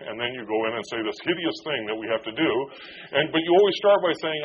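A man's voice: fairly low pitch, sing-song, a little fast. A man preaching a conversational sermon as a pastor, joking and self-deprecating as he goes. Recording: dull lo-fi with faint noise.

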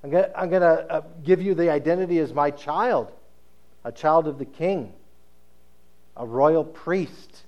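A man voicing an earnest, gentle savior. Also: a little high, measured pace, highs cut off, close to an everyday voice. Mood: reassuring. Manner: earnest, reassuring. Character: gentle, inviting male savior.

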